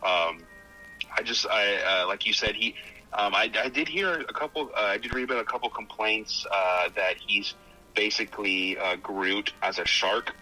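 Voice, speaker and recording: A man with a lowish, very bright and forceful voice talks through a film in casual podcast chat. He rambles, restarts his sentences and leans on fillers as he goes, with faint music in the background. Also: moderate pace, poor audio. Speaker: podcast co-host.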